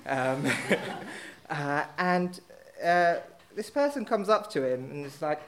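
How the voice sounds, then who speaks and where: A man's voice: on the high side, lively intonation, slow. A man telling a casual anecdote on stage, rambling with lots of fillers and poking fun at himself. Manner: rambling, filler-heavy, self-mocking. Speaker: storyteller at a live event.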